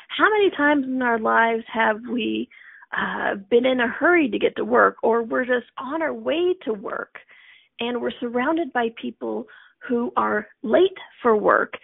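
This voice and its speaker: A middle-aged woman talks through a casual self-help session, laughing often and slipping into little acted-out inner voices. Her voice sits a bit high with a gravelly edge. The sound is thin and phone-like, dry and close. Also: no room sound. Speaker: host. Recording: tinny phone-like audio.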